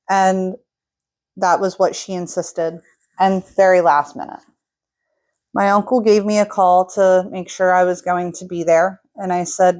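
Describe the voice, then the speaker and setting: A woman's voice: medium pitch, normal speed. Young woman telling a personal story. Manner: animated, voice rises when recounting arguments.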